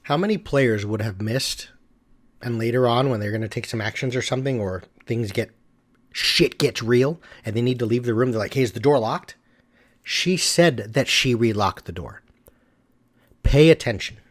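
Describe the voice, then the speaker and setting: A man's voice: medium pitch, normal speed. A middle-aged man commenting on a tabletop game clip in a casual, emphatic way, repeating his advice.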